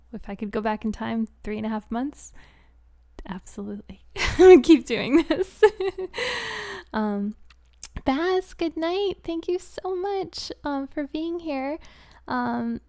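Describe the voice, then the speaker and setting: A woman chatting casually on a live stream, answering viewer questions. She speaks softly, drifts into whispers, giggles often, and fills her talk with "um" and "like.". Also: mid-range voice, gravelly, no echo, studio quality. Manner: soft-spoken, drifts into whispers, many "um" and "like" fillers, giggly.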